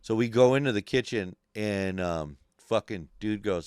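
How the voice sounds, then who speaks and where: Male podcast host, casual storyteller, lots of swearing, crisp tone. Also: fairly low pitch, normal speed, few pauses, dry recording, clean studio sound. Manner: profane, rambling, animated storyteller.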